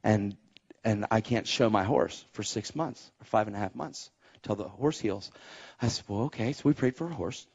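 A man preaching a testimony sermon, telling stories with loud exclaims and quiet asides. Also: moderate pace, husky. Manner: animated storytelling, swings between loud exclaims and low asides. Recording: dull lo-fi live recording.

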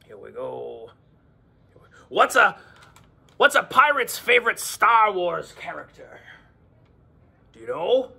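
Fields: Voice: a man doing a jolly growling pirate. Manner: slow, gravelly, lively. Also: sits high, exaggerated voice. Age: 40s. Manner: growly pirate "arr"s, joking with the children. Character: jolly male pirate, hearty and playful. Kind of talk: pirate voice for a children's lesson.

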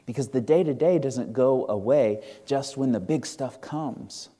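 A man's voice: medium pitch, unhurried, mellow. A male pastor preaching a sermon in a church, earnest and conversational, asking the congregation questions. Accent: Midwestern American. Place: church sanctuary.

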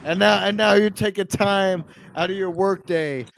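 A drunk podcast host, a man talking in a loud, pushy and repetitive way in casual chat. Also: high voice, moderate pace, vocal fry, slight background noise, rough recording.

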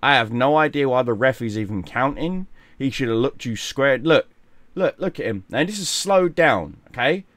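A man giving mocking, profane commentary on a fight, scornful and animated. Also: mid-range voice, moderate pace, dry recording. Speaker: gaming and boxing commentator.

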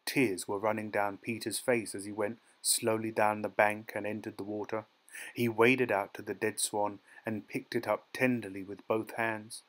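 A man narrating a dark short story as an audiobook, in a measured, dramatic storytelling manner. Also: on the low side, flat delivery, low-quality recording. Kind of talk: scripted narration.

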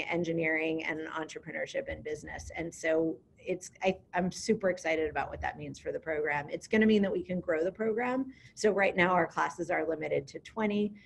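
Woman, fairly low pitch, gravelly, upbeat, lots of ums, online info session, faint hiss. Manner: upbeat, conversational, frequent ums. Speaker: program director.

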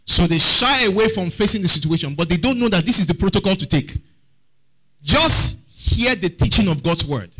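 A man's voice: high-pitched, expressive, normal speed, pushed and bright, breathy edge, low-quality recording. A man preaching a sermon as pastor, often asking the congregation questions.

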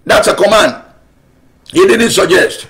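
Guy preaching a sermon, high voice, slow and emphatic, keeps repeating himself. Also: fairly bright tone. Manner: emphatic, repetitive preaching with rhetorical questions. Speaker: pastor.

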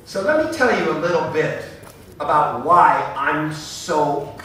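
A man's voice: very animated, takes it slowly, distant mic, slight background noise. Passionate man in an echoey hall. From Norway. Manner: passionate, emphatic, swings from low asides to loud outbursts. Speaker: speaker at a bar show. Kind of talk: stage talk to bartenders. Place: large hall at a trade show. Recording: echoey hall, speaker away from mic.

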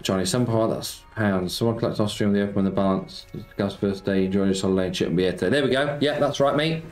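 On his laid-back slots stream, a man reads out viewers' chat, replies to them and keeps calling people "mate." He talks fast in a lowish voice, with roomy echo and music behind.

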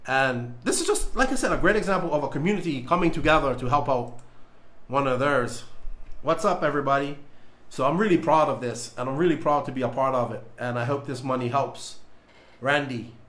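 A man's voice: medium pitch, brisk, a bit bright. A man hosting a casual livestream, joking nervously and stalling as he reads a label aloud. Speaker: podcast host doing a livestream. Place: home studio.

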